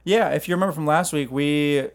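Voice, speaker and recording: A young man co-hosting a podcast in casual chat, easygoing and quick to agree. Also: a little high. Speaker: podcast co-host.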